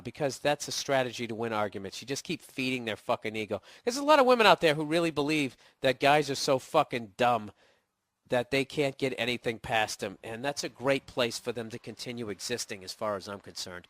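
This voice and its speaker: A man's voice: animated, fairly quick, fairly bright tone, no echo, clean studio sound. A middle-aged man with a Boston accent hosting a podcast, ranting profanely and sarcastically through a listener's email while he gets over a cold. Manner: sarcastic, mocking falsetto impressions. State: getting over a cold, voice cracking. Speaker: comedian podcast host answering listener email. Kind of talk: profane comedic advice rant.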